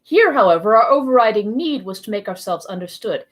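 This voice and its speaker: A woman reading a novel aloud for a library program, narrating in the first person with expressive delivery. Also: mid-range voice, fairly quick, husky. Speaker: library storytime reader.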